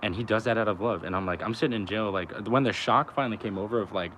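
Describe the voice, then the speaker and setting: A man's voice: lowish voice, quick pace, a bit bright, a little hiss or hum. A young man talking in a loose, rambling, profane way, full of fillers, outdoors by a road. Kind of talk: casual rambling chat.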